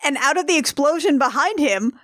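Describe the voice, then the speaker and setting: A woman's voice: high-pitched, animated, brisk, a bit bright, dry recording, clean studio sound. A woman co-hosting a podcast, chatting casually about a film's scenes. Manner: chatty, conversational commentary. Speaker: podcast co-host. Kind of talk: casual film recap chat.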